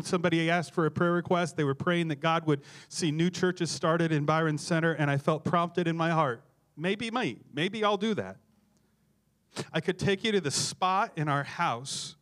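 A man's voice: fairly high pitch, smooth. A middle-aged man, a pastor, preaching a sermon full of humorous, self-deprecating stories. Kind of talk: sermon with storytelling.

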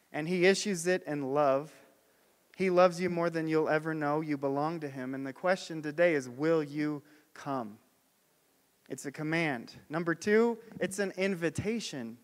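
A man preaching a sermon emphatically, swelling and dropping his voice and slowing on key words. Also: fairly high pitch, big-room sound. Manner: emphatic, with swings in loudness and slowed key words.

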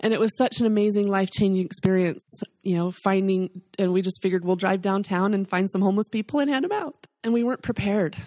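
A woman's voice: medium pitch, quick pace, few pauses, mellow, no echo, studio quality. A woman in her forties telling an emotional, faith-filled story as an interview guest. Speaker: guest, charity founder.

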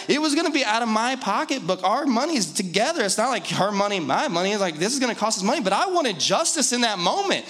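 A man's voice: sits high, big pitch swings, fast, hardly any pauses, a bit bright. A man preaching a sermon in a conversational, joking way, driving points home with repetition. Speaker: pastor.

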